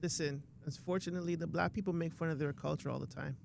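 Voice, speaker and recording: Man, podcast co-host, gravelly voice, argues emphatically, faint noise behind. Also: fairly high pitch, fairly even intonation, quick pace, darkish tone. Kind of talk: casual podcast chat.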